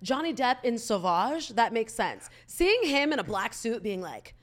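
A woman's voice: on the high side, big pitch swings. A woman co-hosting a casual podcast, gossiping about celebrities in a chatty, opinionated way. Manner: chatty, gossipy, fast back-and-forth. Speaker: podcast co-host. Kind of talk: casual chat.

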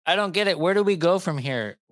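A man's voice: high-pitched, animated, fast, no room sound. A man hosting a casual podcast chat, blunt and heated, swearing freely.

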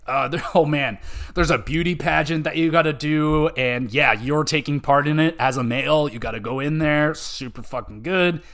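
Young male podcast host, slightly high voice, excitable and foul-mouthed, loose rambling chat. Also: normal speed. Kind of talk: casual game review chat.

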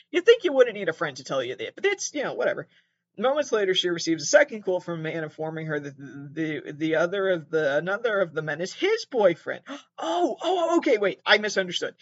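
Rambling man with sudden squeaky jumps. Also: dull audio. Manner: digressive, self-interrupting, with sudden squeaky jumps in pitch. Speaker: comedy podcast host. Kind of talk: rambling comic monologue.

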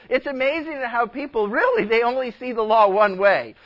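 A man's voice: extremely high pitch, lively intonation, a little fast, hardly any pauses, fairly bright tone. A man pastor preaching a sermon in a folksy, conversational way. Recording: dull lo-fi recording.

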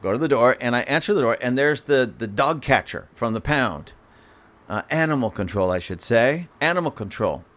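A middle-aged man, a channel host, telling a personal story in a casual, animated way and chuckling now and then. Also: medium pitch, normal speed.

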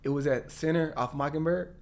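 Animated man telling a story. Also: fairly high pitch, a little fast, gravelly. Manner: animated storyteller, acts out quoted voices. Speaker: guest. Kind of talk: storytelling interview.

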